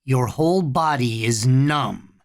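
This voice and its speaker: A reader voicing a furious, panicking older boy who yells in a high, tinny voice in a storybook reading. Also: slow pace. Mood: cold hypnotic. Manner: shrill yelling.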